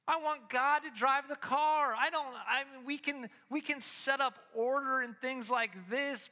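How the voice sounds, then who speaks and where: A man giving a casual, animated sermon as pastor, telling stories with his voice rising as he gets excited. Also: very high voice, long reverb tail.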